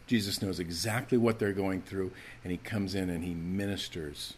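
A man preaching a sermon to his church, animated and emphatic, acting out the scripture's voices as he teaches. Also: deep voice, moderate pace, slight background noise. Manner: animated, acts out quoted lines, rising to emphatic calls. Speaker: pastor.

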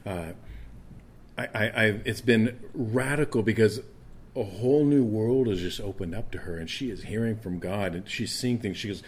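Low-voiced earnest male preacher. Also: normal speed, slightly rough. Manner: earnest, conversational, with stammered restarts. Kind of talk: sermon with scripture reading.

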